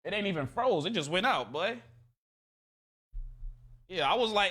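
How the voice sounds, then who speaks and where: A man with a high, bright, ringing voice tells a story between game rounds. His delivery is loose and slangy, and he jumps into voices for the people in the story. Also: fairly quick, pauses often. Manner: animated, slangy, acts out quotes. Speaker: game streamer. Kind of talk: casual storytelling while gaming.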